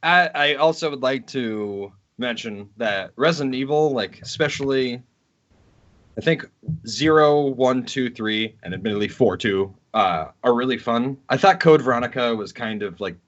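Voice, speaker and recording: A male podcast co-host in casual gaming chat, rambling and ranting with crude, animated energy. His pitch is middling for a man, and the lo-fi recording sounds dull. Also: measured pace.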